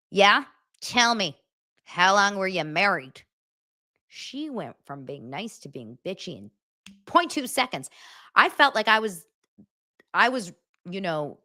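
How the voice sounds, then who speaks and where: A woman hosting a pop culture show, recapping reality TV in a sarcastic, animated way, with loud bursts and muttered asides. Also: mid-range voice. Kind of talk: casual commentary recap.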